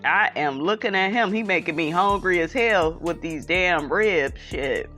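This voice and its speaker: A woman's voice: lowish voice, unhurried, fairly bright tone, faint music behind. A woman in a casual gossip chat who reads out viewer comments and keeps calling her listeners honey and child.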